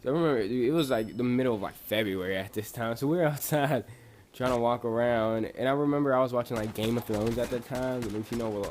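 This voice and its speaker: A man's voice: mid-range voice, darkish tone, slight background noise. A young man from Bosnia casually telling a rambling, profane story full of fillers and restarts. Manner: laid-back, rambling, profane, lots of fillers.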